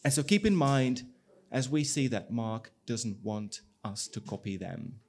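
A man pastor preaching a sermon, telling the story in an animated way and acting out the people's lines. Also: medium pitch, measured pace. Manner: animated storytelling with acted-out dialogue.

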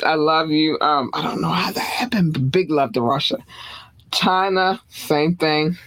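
Effusive show host, rambling shout-out delivery, middle pitch. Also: steady tone, unhurried. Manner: effusive, rambling, lists countries with fillers. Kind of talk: casual on-air shout-outs.

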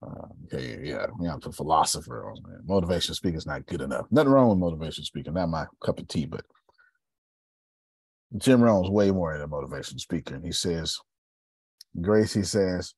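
A man's voice: low-pitched, expressive, brisk, darkish tone, breathy edge, dry recording, studio quality. A man from Texas leading a group call, telling stories and preaching motivation with strong emphasis. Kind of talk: motivational talk.

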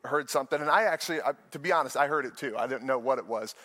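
A young man, a pastor, preaching a sermon with animated storytelling and playful asides. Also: mid-range voice, rapid-fire, in a large hall.

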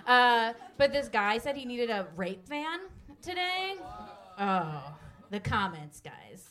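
A woman co-hosting a podcast live in front of an audience. Her voice sits a little high, and she jokes and swears in quick, loose banter. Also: sing-song, fairly bright tone. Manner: rapid, profane, joking. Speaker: podcast co-host. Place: live event with crowd.

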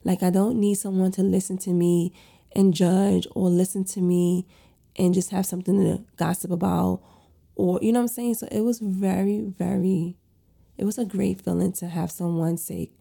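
Young woman, husky and dark-toned, casual stressed storytime delivery. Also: fairly low pitch, steady tone, moderate pace. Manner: venting, stressed, conversational with fillers. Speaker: lash and facial technician.

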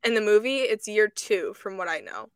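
A young woman co-hosting a casual movie chat, talking fast and emphatically with firm opinions. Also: medium pitch, animated, clear, resonant tone, no room sound. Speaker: podcast co-host.

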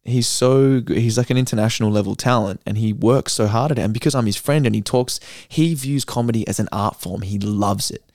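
A young man, a new comedian, talking earnestly and excitedly in a casual podcast chat, often restarting his sentences. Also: fairly low pitch, brisk, few pauses, no room sound, clean studio sound. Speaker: guest comedian.

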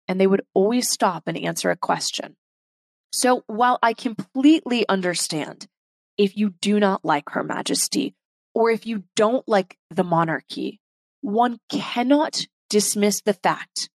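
A woman hosting a podcast, speaking earnestly and from the heart in an unhurried solo monologue. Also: medium pitch, no echo. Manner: reads a poem aloud slowly and softly. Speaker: podcast host. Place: London.

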